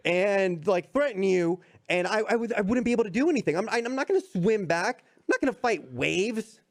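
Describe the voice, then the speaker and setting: A man's voice: high-pitched, lively intonation, a little fast. Self-deprecating man telling a story. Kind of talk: casual podcast chat.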